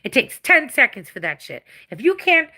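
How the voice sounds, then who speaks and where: Brief: English woman in her forties, livestream host, fairly high and forceful voice, blunt and foul-mouthed. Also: sing-song, normal speed. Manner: blunt, profane, venting. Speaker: livestreamer answering chat. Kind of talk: casual livestream chat.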